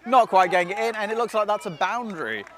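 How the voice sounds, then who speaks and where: Standing beside an outdoor pitch, a man gives solo live play-by-play as a sports commentator. He's chatty and self-deprecating, often losing track of the team names, and he talks fast in a slightly bright voice.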